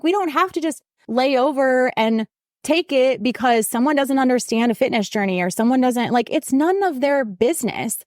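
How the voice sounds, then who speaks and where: On a casual solo podcast, a woman who works as a fitness coach talks with animated emphasis, and her pitch climbs when she's fired up. The sound is dry and studio quality.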